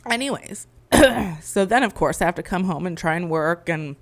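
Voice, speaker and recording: A woman's voice: fairly low pitch, lively intonation, moderate pace. A woman in her thirties co-hosting a podcast, telling a candid and emotional story in a rambling, heartfelt way. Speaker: podcast co-host. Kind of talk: candid conversation.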